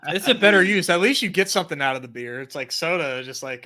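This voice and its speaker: Texas dude, brash and jokey, cusses a bunch, bright punchy voice. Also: male voice, on the high side, lively intonation, quick pace. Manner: brash, swears, joking. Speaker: fantasy sports podcast host. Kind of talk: casual chat.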